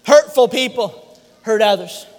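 A male pastor preaching a sermon, emphatic, climbing into shouted repetitions. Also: very high-pitched, expressive, measured pace. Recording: long hall reverb.

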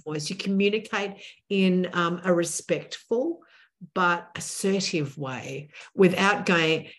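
A woman in her sixties, a podcast guest, talking in an assertive, animated way and acting out what people would say. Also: on the low side, takes it slowly. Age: 60s. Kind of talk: animated interview talk.

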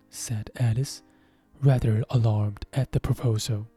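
A man reads a storybook aloud in a calm, measured way. His voice is deep-toned and husky, the pace is very slow, and faint music plays beneath the dry, close sound. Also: no room sound. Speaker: narrator. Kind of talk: storybook reading.

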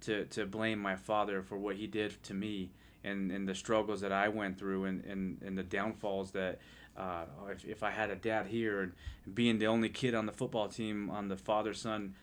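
A man's voice: lowish voice, level tone, normal speed. A man sharing an earnest personal testimony in casual podcast chat, often restarting his sentences. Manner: earnest, heartfelt storytelling with frequent restarts.

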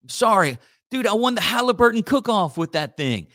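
A man's voice: high voice, very animated, brisk, fairly bright tone, dry recording, studio quality, voice pushed up. A man playing a jilted ex-boyfriend who pleads and keeps apologizing. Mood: pleading. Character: panicked jilted man pleading over his recipe.

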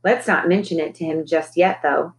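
A woman's voice: low voice, moderate pace, low-quality recording. A woman doing a curt, weary magician. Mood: amused, dry. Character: stubborn aloof male magician, grown man.

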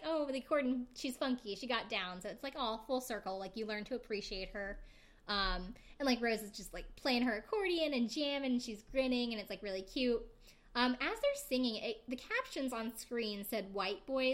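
A woman's voice: fairly high pitch, a bit bright. A woman recapping a TV episode in casual chat, with frequent fillers and a light, laughing manner. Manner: chatty, heavy use of "like" and "um", laughs often. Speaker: podcast host recapping a reality show.

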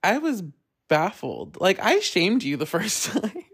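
A podcast host telling a story in a casual solo chat, animated, laughing often and swearing freely. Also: medium pitch, slow, gravelly, husky.

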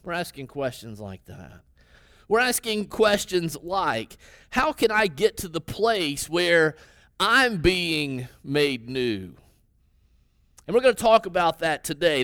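Guy preaching to his church, kinda high voice, smooth, talks it through with lots of "right?". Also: sing-song, normal speed, fairly bright tone, dry recording, clean studio sound. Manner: conversational preaching, tag questions, quoting listeners in their voices. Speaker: pastor. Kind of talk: sermon.

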